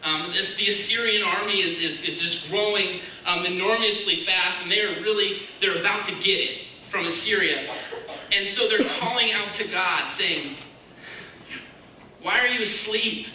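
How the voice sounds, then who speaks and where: A man giving a casual, searching sermon, dropping to a hushed voice when he voices other people's prayers. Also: high voice, normal speed. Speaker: preacher. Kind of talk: conversational sermon. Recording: echoey room, mic far off, faint hiss.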